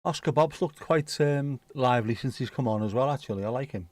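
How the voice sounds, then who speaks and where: A man's voice: mid-range voice, brisk, no room sound. A man chatting casually and swearing as he comments on a football match on a live stream from home. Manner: chatty, sweary, laid-back. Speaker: streamer hosting a football watchalong.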